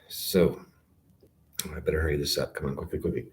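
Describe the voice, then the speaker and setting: A man with an extremely deep, low-pitched voice delivers a loose, rambling rant straight to camera. His tone is sarcastic, and he keeps cutting himself off with fillers and restarts. He sounds like a vlogger airing grievances in one long, meandering take. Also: steady tone, fairly quick. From Calgary, Canada.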